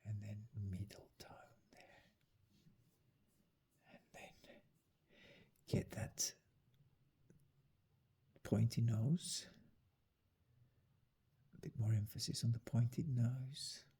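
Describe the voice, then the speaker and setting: A man's voice: mid-range voice, steady tone, very slow, pauses often, mellow. A man narrating his drawing as he works, muttering and half-whispering his steps. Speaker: artist demonstrating drawing.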